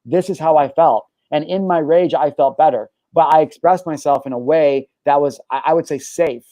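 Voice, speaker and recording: Guy hosting a talk show, dark warm tone, dry close mic, restarts his sentences a lot. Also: fairly high pitch, moderate pace, dry recording, poor audio. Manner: emphatic, swears often, repeats and restarts. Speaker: show host. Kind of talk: candid podcast talk.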